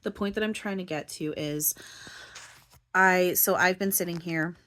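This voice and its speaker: A woman with a low voice talks through her feelings in a loose, rambling monologue. She keeps restarting her sentences and leans on "like" and "you know". Her voice sounds close to tears. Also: measured pace, pushed and bright. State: near tears, voice breaking. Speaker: spiritual channeler and vlogger.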